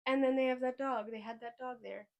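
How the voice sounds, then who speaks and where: A woman hosting a podcast in casual chat, rambling and excitable, often trailing off mid-sentence. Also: sits high, a little fast. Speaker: podcast host.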